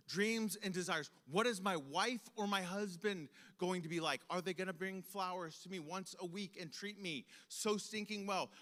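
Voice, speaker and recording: A man's voice: high-pitched, a bit bright. A young man telling a story from his childhood to a room of students, acting out the voices in it. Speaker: speaker to students. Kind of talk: storytelling talk. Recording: long hall reverb.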